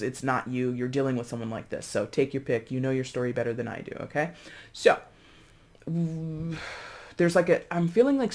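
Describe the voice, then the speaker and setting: Casual tarot reader, chatty and expressive, loose delivery with fillers, talks to viewers as friends. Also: mid-range voice. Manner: breezy, addresses viewers as friends. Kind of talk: casual tarot reading to camera.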